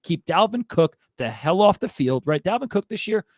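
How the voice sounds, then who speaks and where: A man's voice: sits high, sing-song, moderate pace, dry recording, clean studio sound. A man hosting a fantasy football show, ranting in an exasperated, casual way. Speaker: fantasy football podcast host. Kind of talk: casual sports commentary.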